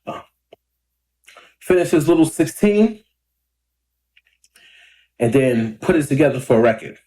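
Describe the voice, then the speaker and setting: A man in his thirties chatting casually to camera in a rambling, laid-back way, a little hoarse and clearing his throat often. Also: a little high, expressive, unhurried, warm tone. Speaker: independent rapper and vlogger. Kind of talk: casual talking-to-camera vlog. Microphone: camera or phone mic.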